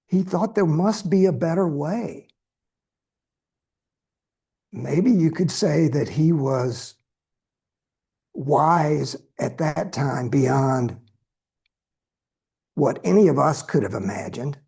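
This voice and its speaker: A man giving a dharma talk as a Buddhist teacher, telling a story in a slow, measured way with pauses. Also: a little high, vocal fry, a little mellow, slightly rough.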